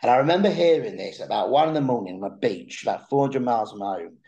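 A young man on a podcast rattles off a long story fast in a mid-range voice, restarting and repeating words at the start of sentences. It's a casual, animated chat, but the recording sounds muffled.

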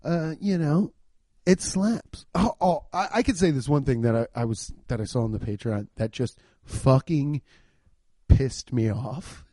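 A man's voice: medium pitch, measured pace, warm tone, dry recording. A man from Cincinnati hosting a comedy podcast, talking loosely and profanely and restarting his sentences often. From Cincinnati, USA. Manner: rambling, profane, repeats words as he restarts. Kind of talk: casual podcast rant.

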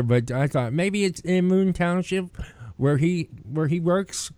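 A man's voice: a little high, fairly quick, a little mellow, no echo. A man, hosting a podcast and telling a rambling, profane story. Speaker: podcast host. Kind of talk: casual chat.

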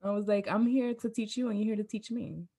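A woman co-hosting a podcast, chatting in a relaxed, supportive way. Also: medium pitch, fairly quick, slightly rough. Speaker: podcast co-host. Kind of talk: casual chat.

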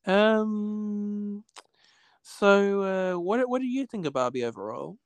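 A man's voice: high-pitched, takes it slowly, dry recording. A man, a podcast guest talking at home in a rambling, casual way, often saying "basically" and restarting sentences. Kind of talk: casual conversation. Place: home with cats.

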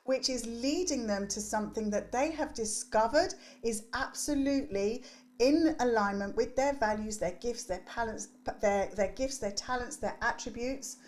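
A woman's voice: a little high, normal speed, slight background noise. A woman in her forties, a guest on a podcast, talking emphatically about her work with teenagers and often tagging her points with "right?". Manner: emphatic, preachy, tags "right?". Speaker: podcast guest, youth development coach. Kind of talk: animated interview talk.

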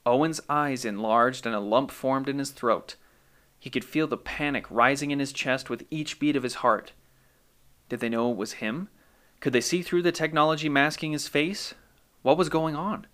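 A man hosting a podcast and narrating a scripted story in a calm, measured way. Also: medium pitch.

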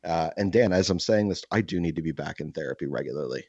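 Deep-voiced man rambling on a podcast. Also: animated, fast, a little mellow, breathy edge, no echo, lo-fi sound. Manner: rambling, profane storytelling with many restarts. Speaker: podcast host. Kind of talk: casual podcast chat.

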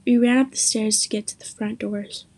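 A young woman reading her own spooky story aloud, lifting her voice for the quoted lines and dropping low and soft for the narration. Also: fairly even intonation, moderate pace. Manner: reads quotes with more pitch and force, narration low and soft.

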